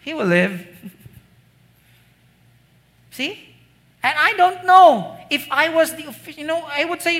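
A preacher with a Filipino accent delivers a sermon at an unhurried, drawn-out pace. The voice is bright and clear. The delivery feels like talking with the congregation, full of "you know?" and "see?", with Cebuano phrases mixed in. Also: high voice, expressive. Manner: slips into Cebuano asides.

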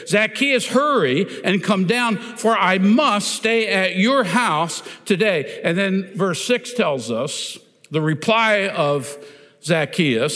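A pastor preaching a sermon in a church, deliberate and emphatic, often pointing listeners to the text with "notice". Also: male voice, a little high, a bit bright. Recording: long reverb of a large hall.

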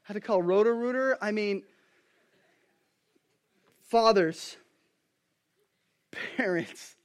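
Preacher, male, 30s, high-pitched, energetic sermon delivery with big dynamic swings. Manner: animated storytelling, swings from hushed to loud. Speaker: pastor.

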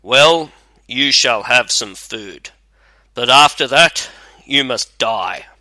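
A man's voice: mid-range voice, expressive, takes it slowly, sharp tone, no echo, full character voice, low-quality recording. A man voicing a robber captain who gives orders with grim authority in a storybook reading. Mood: commanding. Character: commanding male robber captain, grimly amused.

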